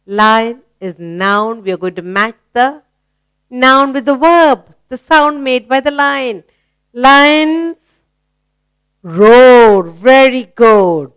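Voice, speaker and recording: A woman with an Indian English accent teaching a children's English lesson, asking simple questions and praising answers in a slow, encouraging sing-song. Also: high voice, expressive, a bit bright, clean tone.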